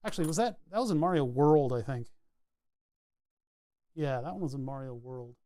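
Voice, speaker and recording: Narrating every step as he solders a circuit board, a New England man who streams his electronics hobby rambles in a relaxed, chatty way. His voice is medium-pitched, mellow, and expressive at a normal speed, with no echo.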